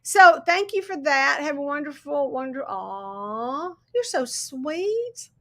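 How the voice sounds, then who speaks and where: A woman's voice: high-pitched, lively intonation, takes it slowly, bright, forceful tone. A woman hosting a casual crafting livestream, chatty and sleep-deprived, thinking aloud and greeting viewers as they join. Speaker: host of a miniatures crafting livestream.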